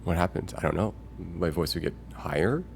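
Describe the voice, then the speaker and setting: Deep-voiced man musing aloud on stream. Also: moderate pace, vocal fry, slight background noise. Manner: rambling and musing, thinking aloud with many fillers; reads chat messages aloud and greets viewers. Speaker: live streamer. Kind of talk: casual chat with viewers.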